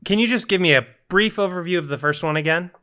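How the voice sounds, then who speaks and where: A man's voice: sits high, fast, bright, forceful tone. A man co-hosting a podcast game, playful and teasing in casual chat. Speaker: podcast co-host.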